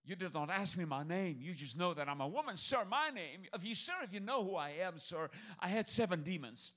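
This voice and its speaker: A man's voice: high voice, lively intonation, a little fast, a bit bright. A man preaching in the voice of a grieving woman who keeps pleading to be allowed to carry the body. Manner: pleading, repetitive, breathless insistence.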